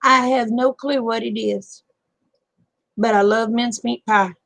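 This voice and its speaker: Folksy older woman, gravelly. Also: a little high, steady tone, measured pace, fairly bright tone, dry recording. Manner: folksy, calls people honey and babe. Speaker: live stream host. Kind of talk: casual late-night chat with viewers.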